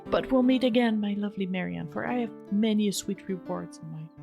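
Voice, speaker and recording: A bold, gallant male outlaw hero declaims in old-fashioned phrases, as a woman puts him on. The delivery is raised and heroic, with a faint gravelly rasp in the voice. He sounds like a character in an adventure game. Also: mid-range voice, brisk, over music, natural voice.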